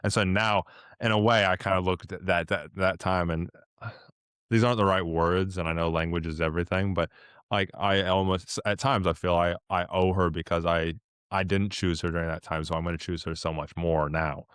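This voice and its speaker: A man's voice: steady tone, normal speed, a bit bright, clear, resonant tone, no room sound, studio quality. A man hosting a podcast interview, talking earnestly and emotionally, at times getting teary. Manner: mimics himself with a much higher voice in quoted asides. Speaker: podcast host. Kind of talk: casual interview chat.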